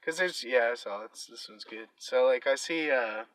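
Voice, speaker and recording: A man's voice: mid-range voice, moderate pace, dry recording, low-quality recording. A young man hosting a podcast, telling a story in casual, profane chat and acting out the people in it. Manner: animated storytelling with swearing and acted-out quotes. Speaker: podcast host.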